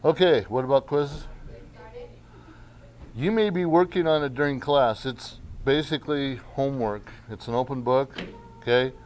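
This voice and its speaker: A man's voice: medium pitch, darkish tone, slight background noise. A male teacher giving a class lesson in a casual way, often checking in with "okay". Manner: slow, casual, keeps saying okay. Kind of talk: classroom instruction.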